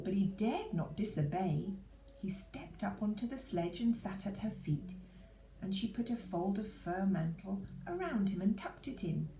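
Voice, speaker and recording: A woman reading a children's storybook aloud to a church audience in an expressive, lively manner. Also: mid-range voice, echoey room, a little hiss or hum, poor audio.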